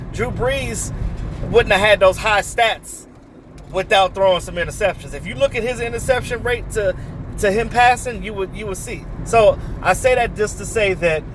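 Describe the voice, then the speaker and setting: Heated, high-voiced man ranting about football. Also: a bit bright, slight background noise. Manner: blunt, heated, swears freely, asks repeated rhetorical questions. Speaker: sports vlogger. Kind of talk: casual ranting commentary.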